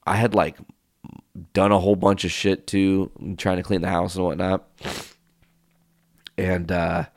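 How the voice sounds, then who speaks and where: A man hosting a podcast, telling a casual, profane story with animated quoted voices. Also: low-pitched, unhurried, no room sound, studio quality. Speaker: podcast host.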